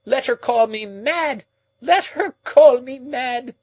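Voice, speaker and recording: A man's voice: extremely high pitch, slow pace, a little mellow, no echo, voice pushed up, full character voice. A man playing a shrieking, anguished old woman. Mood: frantic. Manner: moaning, wailing, overwrought.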